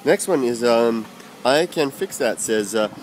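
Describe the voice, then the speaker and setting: Male host, lively pitch, casual comment-reading, faint outdoor street noise. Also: a little slow. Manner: animated, enthusiastic reactions. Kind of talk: casual chat.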